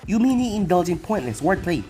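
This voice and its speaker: A narrator voicing an emotionless young male ninja who speaks flatly and literally. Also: mid-range voice, fairly quick, soft background music, natural voice. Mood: deadpan. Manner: flat and literal.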